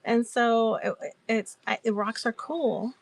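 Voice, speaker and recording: A woman's voice: a little high, fairly even intonation, slow, creaky, no echo. A woman hosting a casual crafting chat, telling stories in a giggly, rambling way. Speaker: crafter and live-selling host.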